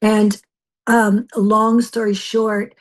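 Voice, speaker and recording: A woman's voice: medium pitch, level tone, drawn-out words. An older woman giving an intense, fervent personal testimony on a radio interview, with frequent restarts. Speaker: missionary guest.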